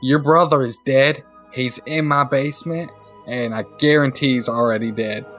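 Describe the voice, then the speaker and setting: A sneering captive villain in a tabletop game, defiant and spiteful, refusing to give anything up, as a man puts him on. The voice stays close to a normal speaking tone with a bright, forceful edge. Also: medium pitch, steady tone, moderate pace, faint music behind, close to an everyday voice. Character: male captor, sneering and defiant.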